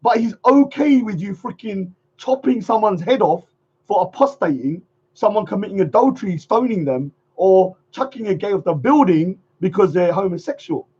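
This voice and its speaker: A man's voice: high voice, animated, normal speed, dark tone, breathy edge. A man hosting a livestream, ranting in a mocking, sarcastic way and repeating phrases in a sing-song. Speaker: livestream host. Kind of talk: casual livestream rant. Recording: dull lo-fi stream audio.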